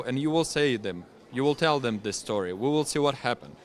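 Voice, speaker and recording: A young Ukrainian veteran with a mid-range voice gives interview testimony in English, his second language, with a Ukrainian accent. He speaks in halting phrases full of fillers and restarts.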